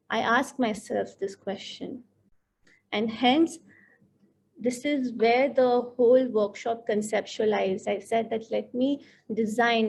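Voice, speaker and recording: A woman's voice: on the high side, a little mellow, slight background noise. Earnest woman counselor. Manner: earnest, reflective, lingers on key words. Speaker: counselor leading a teacher workshop. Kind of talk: workshop talk to participants.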